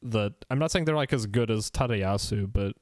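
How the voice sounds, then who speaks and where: A man's voice: fairly low pitch, normal speed, a little mellow, no room sound, clean studio sound. A man hosting a podcast in casual chat, who laughs often, swears and restarts his sentences. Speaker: podcast host.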